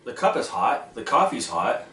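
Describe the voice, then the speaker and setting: A man's voice: mid-range voice, very animated, normal speed, sharp tone, distant mic. Goofy man joking in an echoey room. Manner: goofy, jokey, self-mocking. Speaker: vlog host. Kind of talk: casual food-tasting chat.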